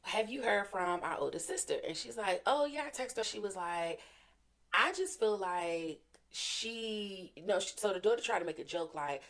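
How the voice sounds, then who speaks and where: A woman co-hosting a podcast in casual chat, telling a story with lively voices for each person in it. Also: medium pitch, moderate pace. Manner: animated storyteller, acting out the people in her stories. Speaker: podcast co-host.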